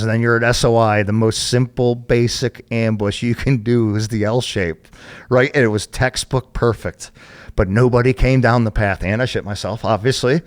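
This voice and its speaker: A retired Marine guest telling profane, animated war stories in casual chat, full of "like" and "right?". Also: male voice, medium pitch, clear, resonant tone. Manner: profane, animated storytelling with lots of fillers. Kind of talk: casual storytelling.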